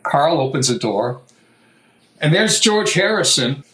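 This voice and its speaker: Animated older man, higher voice. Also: measured pace, a little hiss or hum, poor audio. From United States. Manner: animated, swears, acts out quotes. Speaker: guest luthier. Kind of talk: casual storytelling.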